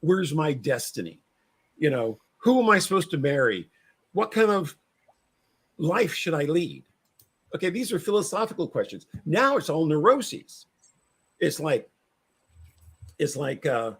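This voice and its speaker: A man who investigates the paranormal appears as a guest on a podcast, chatting casually in a rambling, preachy way and repeating himself. His voice is a little high, with big pitch swings and a breathy edge, and he speaks unhurriedly with long pauses.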